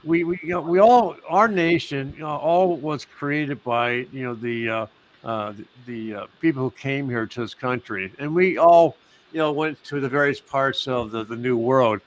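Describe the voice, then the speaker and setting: A man's voice: medium pitch, normal speed. Rambling man hosting a live stream. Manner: rambling, many fillers and restarts. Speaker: host. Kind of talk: casual live-stream chat.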